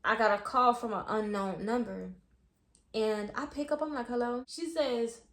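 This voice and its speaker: A young woman telling an animated, profane storytime, acting out quotes. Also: on the high side, moderate pace, echoey room. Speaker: vlogger. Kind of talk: storytime vlog.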